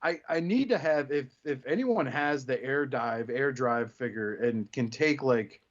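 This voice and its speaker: A man's voice: mid-range voice, unhurried, highs cut off. A man co-hosting a casual podcast about toys, joking and swearing as he riffs. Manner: profane, jokey, slips into silly character voices. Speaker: podcast co-host.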